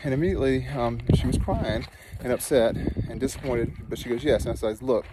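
A man who works as a nurse and teaches meditation, telling a personal story outdoors in an earnest, animated way that turns soft and slow when he guides a meditation. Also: mid-range voice, heavy background noise. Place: outdoors in a dry canyon.

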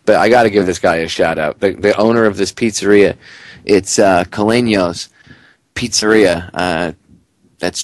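Male radio host, excitable and indignant, lowish voice, dry close mic. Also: dry recording. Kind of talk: talk radio commentary.

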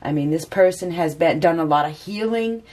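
A woman's voice: sits low, moderate pace, a little mellow. A woman giving a casual spoken tarot reading, chatty and repeating phrases for emphasis. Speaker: tarot reader.

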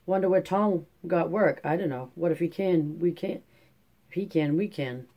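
Narrator doing gruff, stern Pa. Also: medium pitch, moderate pace, warm tone, natural voice. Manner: gruff, curt country talk. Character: Pa, a gruff stern farm father.

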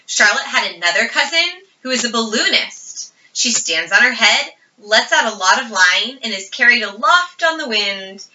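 A woman's voice: on the high side, lively intonation, normal speed, hardly any pauses, bright, forceful tone. Woman reading as an eager little farm girl. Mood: earnest. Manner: earnest, insistent storytelling. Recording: roomy, distant, dull audio.

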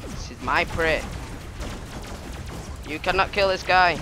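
A man giving excitable, trash-talking commentary over his gameplay, laughing often. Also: high-pitched, slow pace, over music. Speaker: gaming YouTuber.

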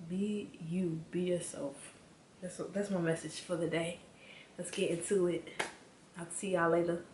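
A woman giving a casual, animated motivational talk straight to her viewers as a spiritual vlogger, repeating her points for emphasis. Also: lowish voice, a little slow. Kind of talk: casual motivational rant to camera. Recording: echoey room with faint background hum.

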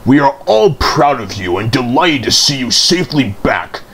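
A man's voice: medium pitch, big pitch swings, moderate pace, fairly bright tone, slight background noise. A man playing a hearty, proud railway boss.

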